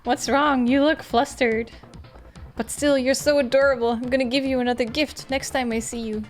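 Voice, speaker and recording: Unhinged young man suspect, clingy and begging, pitched high and pushed loud, as a woman puts him on; game read-aloud. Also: steady tone, normal speed, faint music behind, natural voice. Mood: fawning. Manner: high, pleading, lovesick. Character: deranged young male suspect, pleading and clingy.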